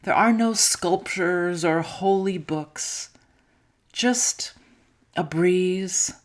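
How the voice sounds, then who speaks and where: A woman minister gently telling a children's story during a church service, soft-spoken and sometimes dropping to a hush. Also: fairly low pitch, extremely slow. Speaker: intern minister.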